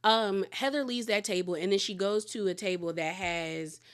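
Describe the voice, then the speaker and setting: A woman's voice: mid-range voice, normal speed, clear, resonant tone. A woman hosts a casual recap of a reality show. She tells the story with big energy and acts out each quote as she goes, and her chat is loose and full of laughter.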